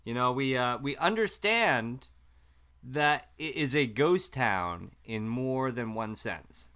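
A man co-hosting a paranormal radio show, wry and a little halting, full of uh and restarts. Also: medium pitch, expressive, pushed and bright, clean tone. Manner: wry, hesitant, lots of uh and restarts.

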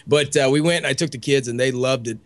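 A man in his thirties with young children, co-hosting a show in casual chat, excitable and rambling, laughing often. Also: medium pitch, fast talker. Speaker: co-host.

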